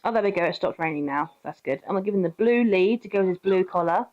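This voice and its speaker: A woman's voice: on the low side, lively intonation, fast, highs cut off. A young British woman giving casual, sweary gameplay commentary, chatting, laughing often and cooing at her pet. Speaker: streamer.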